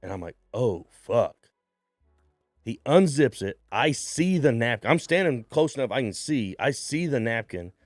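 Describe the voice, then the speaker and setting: A man tells a rambling story in casual chat, jumping into the voices of the people in it. His pitch sits in the middle range. The sound is close and dry, with no room around it. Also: measured pace, dry recording, soft background music. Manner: animated storyteller, acts out voices, swears freely. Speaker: stand-up comedian guest.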